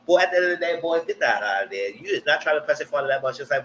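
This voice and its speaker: Man, live-stream TV recapper, casual and opinionated, a touch high-voiced, with a faint background hiss. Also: rapid-fire, poor audio. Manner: animated, jumps high when quoting people; blunt, slangy, opinionated.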